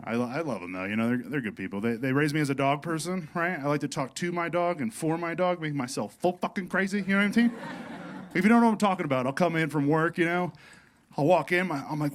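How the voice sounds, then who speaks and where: A male stand-up comic with a somewhat high voice rambles through a profane set on a club stage. His words come through a handheld mic with faint room noise and bursts of audience laughter behind. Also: fairly quick. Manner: profane, rambling, full of "you know what I mean". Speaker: stand-up comedian.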